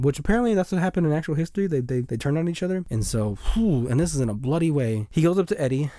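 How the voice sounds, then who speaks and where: A young man casually recapping a movie, rambling and animated, acting out the characters' lines in passing. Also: medium pitch, quick pace, hardly any pauses, no room sound, clean studio sound.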